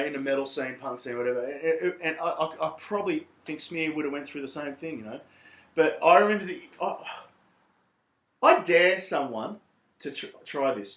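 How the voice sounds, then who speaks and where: A man rants in a rambling, profane way. His voice sits high for a man. The room around him is echoey. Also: a bit bright. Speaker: vlogger. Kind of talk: casual monologue to camera.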